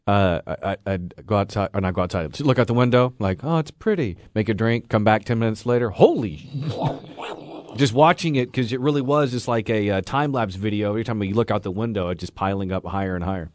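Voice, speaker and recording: A man co-hosting a radio show, chatting casually and quick to agree and laugh. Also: fairly low pitch, no room sound. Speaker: radio co-host. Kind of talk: casual chat.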